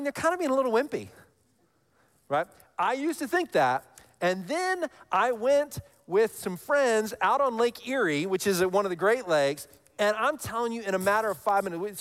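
A man in his thirties preaching a sermon, telling stories with animated highs and dropping to a hush for scripture lines. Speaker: pastor.

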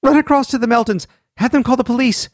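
A man voicing a frantic middle-aged mother who yells urgent orders in a high, shrill voice. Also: quick pace, no echo, clean studio sound. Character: frantic grocery-owning mother in a robbery.

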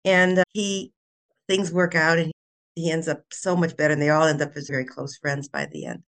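An older woman, a children's author and guest, retelling her book's plot in a casual, animated way with laughs. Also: low-pitched, moderate pace. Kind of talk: casual storytelling interview.

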